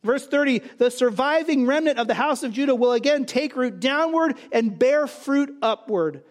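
A man's voice: very high voice, lively intonation, normal speed. A man preaching a sermon, emphatic, asking and answering his own rhetorical questions. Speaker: pastor.

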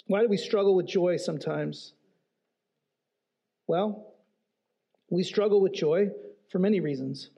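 A man's voice: high-pitched, a little slow, vocal fry, pauses often, mellow, slightly rough, muffled recording. A man preaching a sermon in an earnest, emphatic way, posing rhetorical questions and repeating key phrases. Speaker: pastor.

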